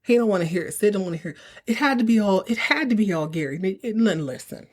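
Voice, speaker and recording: A woman hosting a podcast, casually recapping a TV episode in an animated, slangy way and acting out the characters. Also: medium pitch, fast. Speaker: podcast host.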